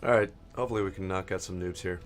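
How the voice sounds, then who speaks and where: A lowish-voiced man with a hoarse throat rants casually and profanely as he drifts from topic to topic. He is a gaming host talking over his own match, loose and unscripted. Faint music sits under his voice. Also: steady tone, rapid-fire. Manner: profane, ranting, digressive. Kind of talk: casual rambling commentary while gaming.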